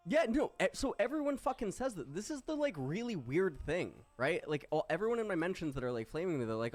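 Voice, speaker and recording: A young man and esports streamer talking casually on stream, animated and swearing freely. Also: high-pitched, quick pace, few pauses. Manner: animated, swears, breaks into loud laughs.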